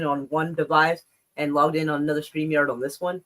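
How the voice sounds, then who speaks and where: A slightly breathless woman with a low, fairly bright voice talks briskly while hosting a casual livestream. She reads and comments on the news, rambling, swearing and restarting her sentences often.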